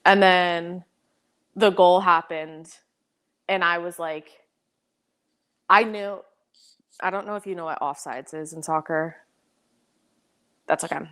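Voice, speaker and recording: A young American woman in casual interview chat, talking fast with many "like" fillers and frequent laughs. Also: lowish voice, steady tone, a bit bright, clean tone. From United States. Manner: chatty, lots of "like" fillers, laughs often. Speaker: podcast guest, pro soccer player.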